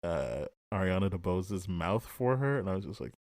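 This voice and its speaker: A man with a lowish voice talks films on a podcast, close and dry on the mic. He is animated and keeps slipping into acted-out quotes. The tone is easy, casual chat between friends. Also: normal speed, no echo. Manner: animated, acts out quoted lines, chuckles often. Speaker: podcast co-host. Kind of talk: casual film review chat.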